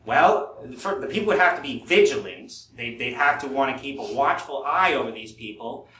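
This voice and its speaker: A man's voice: medium pitch, expressive, normal speed, bright, forceful tone. A man doing a 1930s gangster voice, talking in a smug, mock-sinister way. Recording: echoey room, distant mic, faint hiss.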